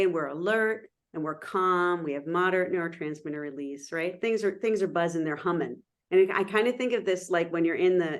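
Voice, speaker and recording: A middle-aged woman giving a lively, interactive online lecture over a video call, often checking in with her listeners. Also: lowish voice. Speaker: guest presenter.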